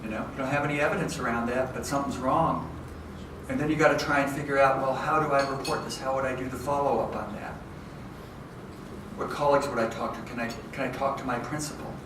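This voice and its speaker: Lecturing a hall full of educators, a man who teaches education keeps things lively and casual, often pausing to ask "okay?" or "right?". He talks fast at a medium pitch. It was recorded from afar in an echoey space, with slight noise audible.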